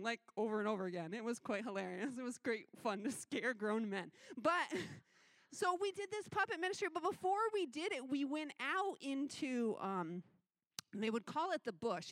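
A woman youth minister giving a missions testimony sermon, telling her story in an animated way and acting out the voices she quotes. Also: on the high side, normal speed, no echo.

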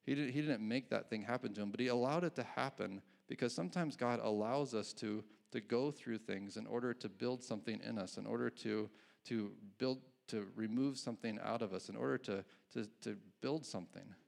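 A man's voice: medium pitch, brisk, vocal fry, a little mellow. A male pastor giving a conversational sermon, often restarting his phrases and chuckling at his own asides.

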